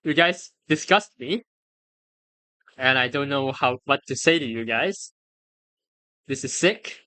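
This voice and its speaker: An excitable streamer reacts on a live stream, laughing often and cursing freely. The voice sits in a middle register, and the words tumble into stammers and restarts. The recording is dry and close, with no room sound. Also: medium pitch, slow, no echo. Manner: stammers and restarts when flustered.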